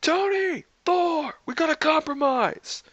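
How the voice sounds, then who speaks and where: A man voicing a brash, breezy young woman who talks in loud slang. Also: on the high side, animated, measured pace, no room sound, muffled recording, full character voice.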